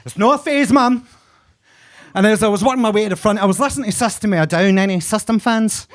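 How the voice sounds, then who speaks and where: A flamboyant Glaswegian man in his forties works a comedy club crowd with a high, camp voice. He swears freely and plays up his own manner for laughs, talking into a handheld mic on a basement stage. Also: quick pace, noisy background. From Glasgow, Scotland. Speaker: stand-up comedian. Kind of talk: stand-up set.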